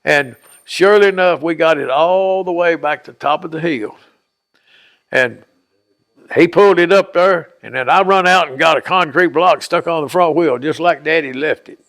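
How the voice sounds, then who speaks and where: Gravelly older man telling a folksy story. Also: fairly high pitch, normal speed, a bit bright. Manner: folksy, rambling, acts out quoted voices. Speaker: oral history interviewee.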